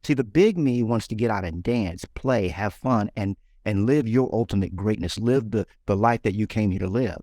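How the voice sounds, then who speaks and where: A man's voice: lowish voice, normal speed, hardly any pauses, a little mellow, no echo, studio quality. A man in a casual interview who talks animatedly, acting out imagined inner dialogue and often repeating words as he restarts. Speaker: guest entrepreneur and author.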